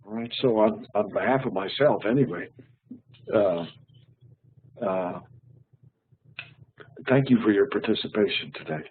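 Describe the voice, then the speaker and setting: A man's voice: on the low side, measured pace, pauses often, a little hiss or hum. A man teaching an online English lesson, patient and friendly, often repeating his words. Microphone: online call. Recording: tinny phone-like online call.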